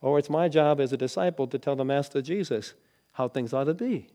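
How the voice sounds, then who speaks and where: A man preaching a sermon, telling a story dramatically and dropping from loud lines to hushed ones. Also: medium pitch, brisk. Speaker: pastor.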